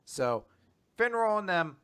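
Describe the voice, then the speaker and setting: A young man casually chatting as a podcast co-host, rambling through summaries and slipping into animated quoted voices. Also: high voice, takes it slowly, clean tone. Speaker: podcast co-host recapping manga. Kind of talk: casual chat.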